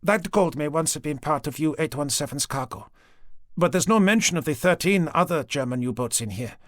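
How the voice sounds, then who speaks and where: A male narrator voicing a sharp, persistent young woman police sergeant in an audiobook. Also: on the high side, expressive, no room sound, clean studio sound, close to an everyday voice. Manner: quick, probing, persistent. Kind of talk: audiobook character voice. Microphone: close studio mic.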